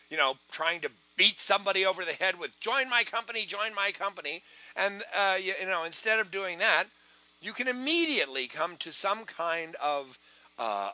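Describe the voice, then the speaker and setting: Animated man with a bright, lively voice. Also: a little high. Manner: animated, acts out both sides of phone calls. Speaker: sales trainer. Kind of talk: online training talk with acted phone calls.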